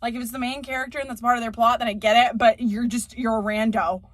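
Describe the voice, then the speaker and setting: A woman's voice: a little high, steady tone, quick pace, no echo. A woman vlogger rambling through a casual, profane movie rant, laughing often.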